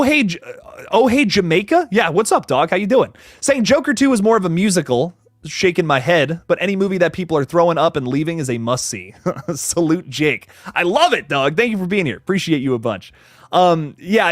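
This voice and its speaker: A man's voice: on the high side, no echo, clean studio sound. A young man hosting a live stream, reading chat and rambling cheerfully with many restarts and fillers. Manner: upbeat, thanks viewers by name. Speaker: horror channel host reading live chat. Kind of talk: casual livestream chat.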